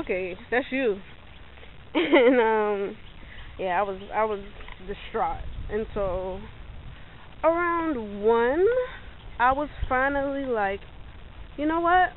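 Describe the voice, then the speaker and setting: A young woman telling a story in a casual vlog, animated, acting out what people said and laughing often, filmed on a handheld phone. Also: fairly high pitch. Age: young adult. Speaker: vlogger. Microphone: phone held in hand. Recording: tinny phone-like audio, faint noise.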